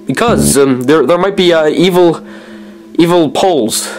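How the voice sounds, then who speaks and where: A man's voice: fairly high pitch, a little slow, a little mellow, soft background music, natural voice, rough recording. A man voicing a clueless and timid male turtle sidekick who talks in a whiny way. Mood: scared.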